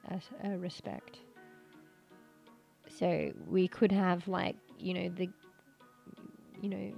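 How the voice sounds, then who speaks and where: A woman's voice: lowish voice, gravelly, a little mellow. A woman streamer chatting casually with her viewers, rambling with lots of fillers and restarts, her throat sore and coughing.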